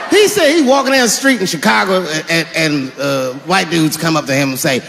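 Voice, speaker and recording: A man doing a stand-up comedy set, animated and shouting his punchlines while acting out characters. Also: on the high side, brisk, vocal fry, in a large hall.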